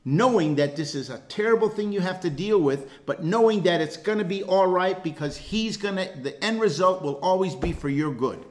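A man's voice: high-pitched, expressive, normal speed, few pauses. A man teaching a casual Bible study class, talking earnestly and often repeating words while he gathers his thoughts.

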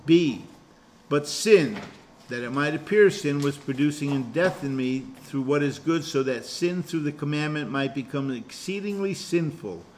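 A man's voice: on the high side, expressive, moderate pace, a little hiss or hum. A man pastor leading an informal Bible study class. He talks conversationally and explains verse by verse, restarting his sentences often.

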